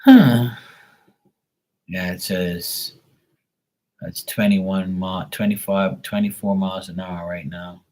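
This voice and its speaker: A man's voice: low voice, slow pace, long pauses, warm tone. A man hosting a live stream, chatting in a rambling, laid-back way and swearing often. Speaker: livestream host. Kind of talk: casual chat.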